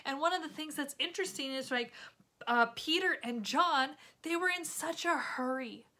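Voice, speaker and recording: A woman teaches children a Bible lesson in an animated, chatty way. Her voice sits high and sounds bright and sharp. She keeps turning to the kids with quick asides.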